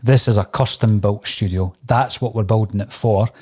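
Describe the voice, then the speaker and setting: Scottish podcast host, warm dark tone, relaxed questions, casual chat. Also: male voice, fairly low pitch, moderate pace, husky. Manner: easygoing, asks prompting questions.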